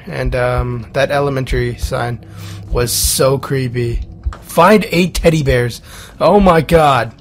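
A man's voice: medium pitch, a bit bright. A young man with a cold, nervously commenting on a horror game, yelping and swearing at scares. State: sick, rough-sounding voice. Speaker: gaming YouTuber.

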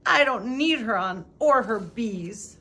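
A woman voicing a cranky apple-growing neighbor man with squeaky, high shouts. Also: animated, takes it slowly, a little hiss or hum, full character voice. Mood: huffy.

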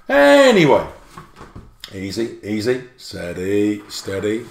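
A man giving a playful, jokey livestreamed spelling lesson, full of quick asides. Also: mid-range voice, very animated, roomy sound, background noise. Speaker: spelling teacher.

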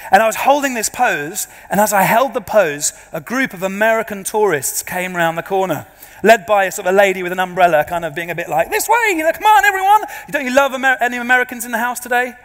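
A man, a pastor preaching to a congregation, an animated and self-deprecating storyteller. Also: high voice, fast talker. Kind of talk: sermon with humorous storytelling. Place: large church before a congregation. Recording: long reverb of a large church.

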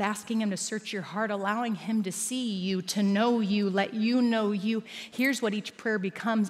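A woman pastor preaching a sermon, swinging between loud emphatic lines and hushed asides. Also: medium pitch. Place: large church auditorium. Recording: long reverb of a large church hall.

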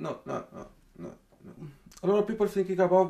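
A young man from Romania with a Romanian accent, speaking in broken English, soft and halting, as he tells a personal account in an interview. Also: high-pitched. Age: young adult.

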